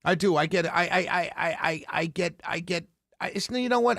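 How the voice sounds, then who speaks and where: A fired-up male talk radio host with a very high, gravelly voice, speaking close to the mic in a dry booth. He rants with sarcasm and often rises to a yell. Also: fairly quick, no echo. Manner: passionate, yelling, sarcastic. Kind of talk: political talk radio rant. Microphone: close studio mic.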